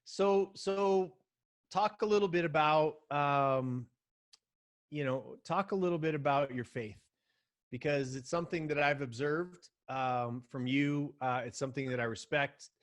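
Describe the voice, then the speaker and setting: A man hosting a podcast interview, asking questions in a soft-spoken, hesitant way with fillers. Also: on the high side, unhurried. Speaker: podcast host.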